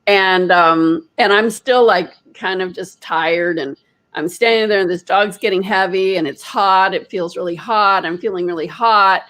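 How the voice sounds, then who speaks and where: A woman host telling a personal story in an animated, chatty way, full of "like" fillers and acted-out quotes. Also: medium pitch, measured pace. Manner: acts out her own quoted panic. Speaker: energy healer, host. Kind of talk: casual storytelling.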